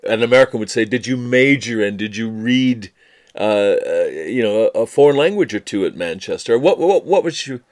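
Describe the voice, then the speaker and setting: Give me a chatty, playful male interviewer with a lively, bouncing pitch. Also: a little fast. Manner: chatty, playful, with frequent backchannels. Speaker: podcast host interviewing a tour guide. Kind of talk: casual interview chat.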